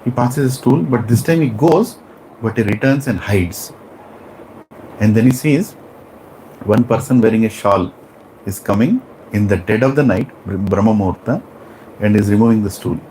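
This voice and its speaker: A man's voice: on the low side, normal speed, pauses often, a little hiss or hum, rough recording. A man with an Indian English accent teaching a spiritual class, telling stories animatedly and asking his students questions. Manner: animated, acts out characters, asks the class questions. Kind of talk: class lecture with storytelling.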